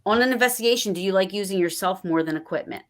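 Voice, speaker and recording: A woman's voice: mid-range voice, fast talker. A woman hosting a podcast, telling stories in casual chat and quoting people along the way. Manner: chatty storyteller, animated quoting of others. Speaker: podcast host.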